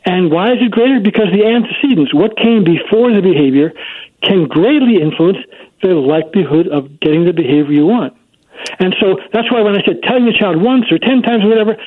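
A man's voice: sits high, no echo. Emphatic man on a phone line. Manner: emphatic, explanatory. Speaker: child psychology expert guest. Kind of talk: explaining in an interview. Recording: dry tinny phone line.

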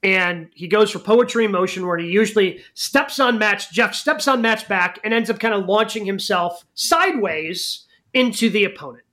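Guy on a podcast, high bright voice, rambles and restarts a lot. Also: lively intonation, normal speed. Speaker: podcast co-host. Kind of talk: casual chat.

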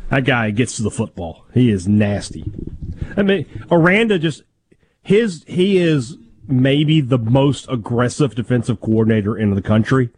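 A man on a sports talk radio show breaks down a football game with emphasis. His voice sits at a middle pitch. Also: animated, measured pace, darkish tone.

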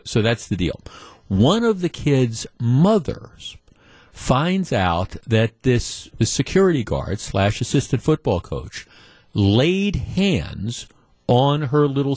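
A middle-aged man hosting talk radio in a loose, sardonic monologue full of restarts. His voice sits at a medium pitch. The studio mic sound is dry and close. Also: sing-song, a little slow, a little mellow, no room sound. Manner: conversational and sardonic, with frequent restarts.

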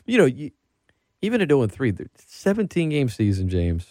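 Guy hosting a sports chat, pitch jumps all over, dry close mic, gets fired up. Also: normal speed, dry recording. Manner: animated, rambling, gets worked up. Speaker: podcast host. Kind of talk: casual sports talk.

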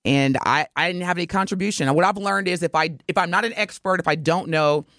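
A woman co-hosting a radio talk show, telling a story with animated flair and laughing as she talks. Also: lowish voice, fast, dry recording, clean studio sound. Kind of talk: casual radio banter. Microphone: studio microphone.

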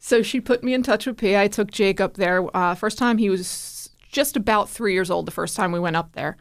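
Animated woman telling a story on radio. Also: mid-range voice, brisk. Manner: animated, acts out quoted dialogue. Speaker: guest, parent sharing her son's story. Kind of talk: casual radio interview storytelling.

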